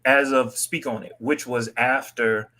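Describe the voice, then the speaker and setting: A man's voice: mid-range voice, fairly even intonation, unhurried, pushed and bright. A man in a casual reality-TV recap chat, explaining things step by step while eating.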